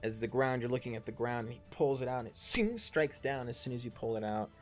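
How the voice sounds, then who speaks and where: A man in his thirties narrates a tabletop game, stumbling through ums and restarts and tossing in casual curses. His pitch sits in a middling range, and faint music plays softly in the background. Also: quick pace. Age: 30s. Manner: rambling, full of ums and self-corrections, swears casually. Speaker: game master and player.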